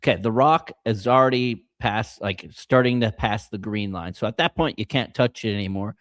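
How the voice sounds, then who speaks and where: A man's voice: on the low side, moderate pace, no room sound, clean studio sound. A man co-hosting a podcast, chatting casually with a joking, playful manner. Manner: joking, playful announcer asides. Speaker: podcast co-host. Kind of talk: casual chat.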